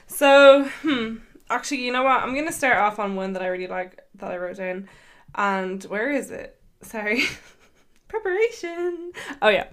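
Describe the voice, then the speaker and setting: A woman's voice: medium pitch, fairly bright tone. Twenties woman, podcast host; giggly, rambling casual chatter. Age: 20s. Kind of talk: casual chat.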